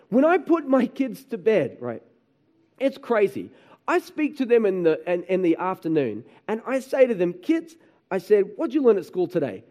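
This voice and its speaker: High-voiced man preaching with stories. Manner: animated storytelling, acts out his kids and himself, frequent "right?". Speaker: pastor. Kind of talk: sermon with personal stories.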